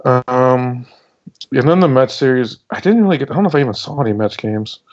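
A man's voice: mid-range voice, animated, a little fast, darkish tone, highs cut off. A young man on a sports podcast, venting in a rambling, casual way and swearing now and then. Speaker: podcast co-host.

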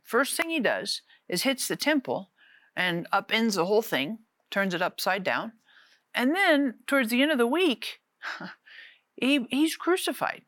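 A woman preaching a casual, conversational sermon, animated and often repeating words. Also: medium pitch, no room sound.

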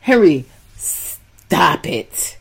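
A woman co-hosting a couple's podcast, telling her side with animated, emphatic storytelling. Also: fairly low pitch, extremely slow, gravelly, husky. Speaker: podcast co-host. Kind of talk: casual couple's podcast chat.

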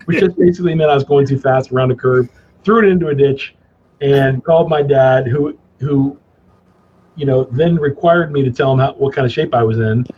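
A man guest in a casual interview, telling stories in an animated way, laughing and acting out his father's gruff lines. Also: medium pitch, muffled recording, slight background noise. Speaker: cigar company guest.

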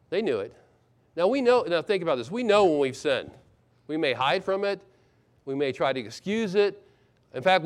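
A middle-aged man, a pastor, preaching a sermon with expressive delivery, acting out quoted lines and swinging between loud and hushed moments. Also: fairly high pitch.

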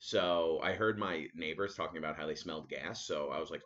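Deep voiced guy ranting on his podcast, muffled kinda lo-fi sound. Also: fairly quick, few pauses. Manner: animated ranting storyteller. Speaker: podcast host. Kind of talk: casual solo podcast monologue.

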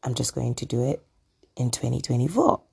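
A podcast host chatting casually on their own, hoarse from a throat illness, rambling with lots of ums and asides. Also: mid-range voice, animated, fairly quick, darkish tone. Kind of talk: casual solo podcast chat. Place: at home.

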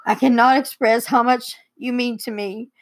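A woman's voice: fairly high pitch, steady tone, moderate pace. A young woman, a daughter co-hosting, reading heartfelt letters aloud and fighting back tears. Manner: tearful, emotional reading. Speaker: co-host and daughter.

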